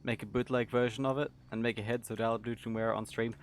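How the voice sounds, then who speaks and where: A man's voice: mid-range voice, flat delivery, fast, a little hiss or hum. A man chatting casually on a live stream, reading out viewer messages with wry remarks.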